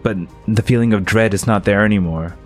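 A man narrating as game master of a tabletop game, slow and atmospheric, with restarts. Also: fairly low pitch, faint music behind.

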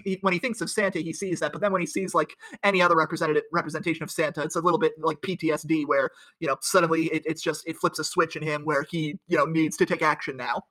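A man co-hosting a comedy podcast, laying out his reasoning in a measured, analytical way with fillers. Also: a little high, a bit bright. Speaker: podcast co-host. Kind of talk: casual comedic chat.

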